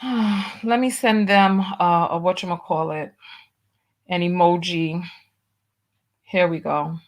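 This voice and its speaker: Woman, stream host, slow, drawling, exclamatory, casual chat. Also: fairly low pitch, fairly even intonation. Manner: drawling, exclamatory, reads viewer comments aloud.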